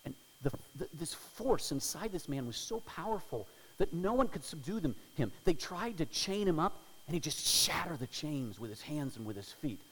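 A male pastor preaching a sermon, swinging between loud dramatic storytelling and hushed prayer. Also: fairly high pitch, sing-song, normal speed, hardly any pauses, breathy edge, long reverb tail, poor audio.

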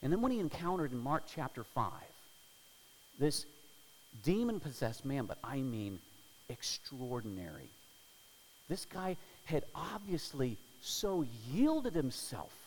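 A male pastor preaching a sermon, swinging between loud dramatic storytelling and hushed prayer. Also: a little high, big-room sound, low-quality recording.

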